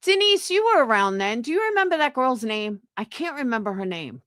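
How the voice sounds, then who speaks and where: A fired-up woman host talks on her livestream. Her voice is bright and swoops up and down a lot. She swears freely and defends herself, and the sound is dry. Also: on the high side, big pitch swings, a little fast, no room sound. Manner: profane, defensive, angry. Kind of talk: heated casual chat.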